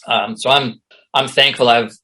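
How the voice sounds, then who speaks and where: A man's voice: mid-range voice, normal speed. A middle-aged man from Canada, a guest actor and comedian, telling casual anecdotes and acting out the voices of the people he quotes. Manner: animated storyteller who acts out quoted voices.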